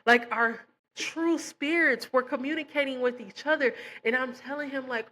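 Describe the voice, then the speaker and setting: A woman's voice: high-pitched, moderate pace, sharp tone. A young woman giving a casual spoken faith testimony, full of fillers and acting out quoted dialogue as she tells the story. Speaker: testimony speaker.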